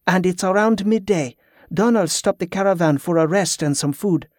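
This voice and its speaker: A woman's voice: fairly low pitch, moderate pace, darkish tone, no echo, studio quality, voice pushed up, lightly acted. A reader voicing a concerned young woman nursing her feverish husband, raising the voice for her. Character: caring young woman tending a sick husband.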